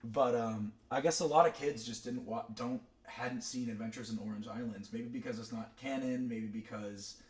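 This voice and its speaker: Young male streamer, casual and digressive, loose storytelling, average pitch. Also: fairly even intonation, moderate pace, few pauses. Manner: rambling, digressive storytelling with many fillers. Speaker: streamer ranking cartoon characters. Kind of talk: casual chat.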